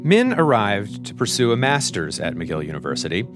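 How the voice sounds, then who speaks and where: Male podcast host, animated delivery, playful narrator, music bed. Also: on the low side, normal speed. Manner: playful, conversational. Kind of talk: scripted narration and interviewing.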